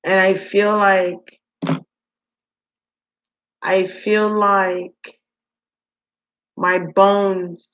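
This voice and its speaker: A woman talks her way through a psychic reading at an unhurried, drawn-out pace, stopping often to hesitate and repeat herself. Her voice sits at an ordinary middle pitch. The recording sounds dull and lo-fi. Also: little pitch movement, a bit bright. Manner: hesitant, musing, many ums and repeated words. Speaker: spiritual reader.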